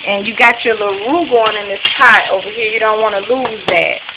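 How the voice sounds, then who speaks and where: A woman hosting a casual step-by-step cooking video in her home kitchen, talking in a relaxed, chatty way with plenty of fillers. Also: mid-range voice, brisk, highs cut off. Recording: noisy home video with pan sizzle. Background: frying and sizzling pan.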